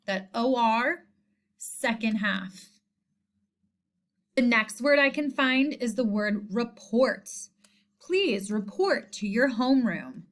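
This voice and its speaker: A woman teacher giving a spelling lesson, speaking slowly and deliberately and repeating each word. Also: on the high side, lively intonation. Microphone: screen recording voice-over.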